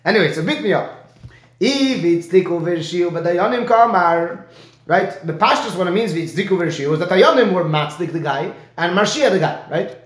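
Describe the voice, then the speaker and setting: A man teaching a Talmud lesson, explaining Rashi and checking in with his student with a quick "right?". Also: high voice, lively intonation. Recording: echoey room.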